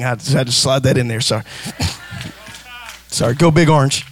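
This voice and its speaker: A man preaching a sermon, repeating words for emphasis and rising into shouted, sung cadences. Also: mid-range voice, normal speed, pauses often.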